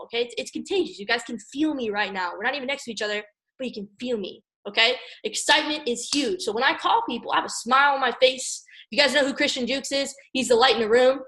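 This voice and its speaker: An energetic young woman from Maryland coaches her team in a casual motivational talk. Her voice sits a little high, and she keeps checking in with her listeners and acts out phone calls. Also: rough recording. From Maryland, USA. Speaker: network marketing team leader.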